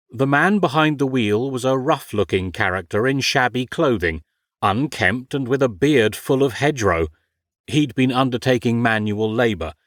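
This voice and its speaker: Male narrator, measured and wry, dry booth sound, mid pitch. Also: dry recording. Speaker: audiobook narrator. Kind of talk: scripted narration.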